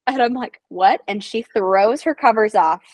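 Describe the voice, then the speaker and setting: Young woman, nursing assistant guest, animated storytelling, plays quoted voices, dry close sound. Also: fairly high pitch, moderate pace, no room sound, low-quality recording. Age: young adult. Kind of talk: casual storytelling.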